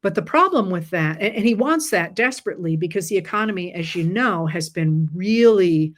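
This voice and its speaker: Tired woman with a low voice explaining things. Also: lively intonation, fairly quick. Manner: conversational, explains step by step. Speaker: host. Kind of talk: casual explainer chat.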